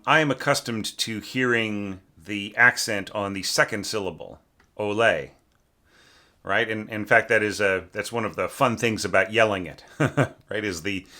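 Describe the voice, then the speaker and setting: Bright-toned man giving a relaxed music lesson. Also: on the low side. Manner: relaxed and chatty, with frequent ums, laughs and throat clearing; sings rhythms aloud to demonstrate. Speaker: orchestration teacher evaluating a student score. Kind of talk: casual spoken lesson.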